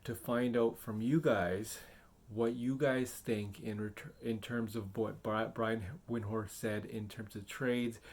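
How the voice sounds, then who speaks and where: Rambling low-voiced male vlogger. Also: fairly even intonation, unhurried, hardly any pauses, darkish tone. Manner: rambling, hesitant with many fillers. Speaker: sports video creator. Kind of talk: casual vlog commentary.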